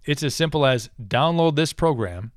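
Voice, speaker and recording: A man's voice: a little high, animated, moderate pace, dry recording, clean studio sound. Thoughtful man talking about the radio trade. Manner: talks in restarts and fillers, thoughtful. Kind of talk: casual conversation.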